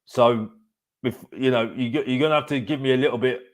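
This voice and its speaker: A man hosting a live football fan stream, ranting in an animated, repetitive, emphatic way. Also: mid-range voice, a little fast. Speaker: host of a football fan channel. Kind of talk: live-stream opinion rant.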